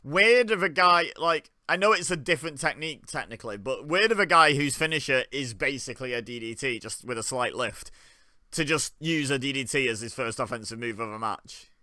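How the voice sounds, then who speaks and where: A man's voice: medium pitch, animated, a little fast, sharp tone, no room sound, studio quality. A young man giving wry, joking commentary while watching along, often laughing. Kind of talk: casual live commentary.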